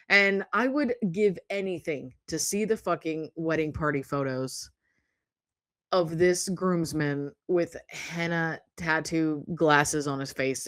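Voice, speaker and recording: A woman's voice: sits low, no room sound, studio quality. Chatty, swearing woman in her thirties. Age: 30s. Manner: chatty, swears freely, lots of "like" and "um". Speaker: podcast host. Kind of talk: casual storytelling monologue.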